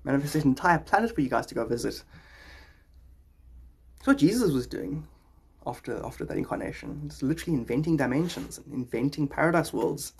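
A man's voice: fairly high pitch, lively intonation, fairly quick, gravelly, husky. A man hosting a podcast, rambling in a jokey, philosophical way. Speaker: podcast host. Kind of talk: rambling casual talk.

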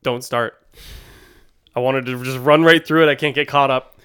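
A man's voice: mid-range voice, fairly even intonation, moderate pace, a bit bright, smooth. A young man co-hosting a podcast, laid-back and casual, swearing freely and laughing often. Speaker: podcast co-host. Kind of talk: casual chat.

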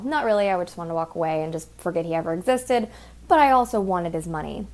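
Talking fast with lively intonation and a darkish tone, a woman vents about her exotic dancing job, cursing constantly and sounding exasperated, with abrupt pitch leaps.

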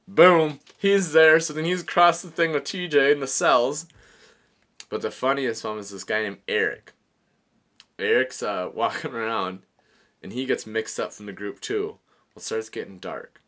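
A man with a bright, forceful voice hosting a casual podcast chat. He tells his story in an animated way, swearing freely and laughing through it. He keeps a loose, conversational delivery. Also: medium pitch, normal speed. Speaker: podcast host.

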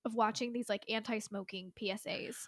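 A woman's voice: medium pitch, steady tone, brisk, fairly bright tone, no room sound, clean studio sound. A woman in her twenties, co-hosting a podcast in casual chat, giggly and full of "like" fillers. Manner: chatty, giggly, many "like" fillers. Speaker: podcast co-host.

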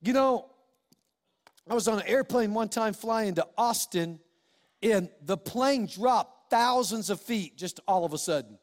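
A man's voice: high-pitched, animated, a little slow. A male pastor preaching a sermon, pleading and repeating phrases with passion. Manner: impassioned, repetitive pleading. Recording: long hall reverb.

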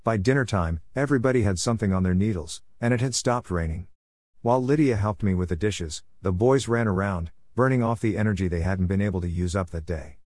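A man reading a story aloud in a steady, even manner, as an audiobook narrator. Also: on the low side, brisk, dry recording, clean studio sound. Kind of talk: scripted narration.

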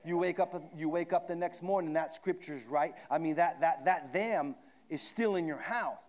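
A man preaching a sermon, swinging from shouted declarations down to hushed asides. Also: a little high, normal speed.

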